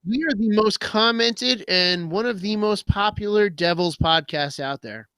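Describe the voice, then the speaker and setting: A man's voice: sits high, a little slow, sharp tone, clear, resonant tone, no room sound. A man co-hosting a hockey fan podcast, casually plugging the show and asking listeners to follow. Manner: promotional, upbeat plugs. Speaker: podcast co-host.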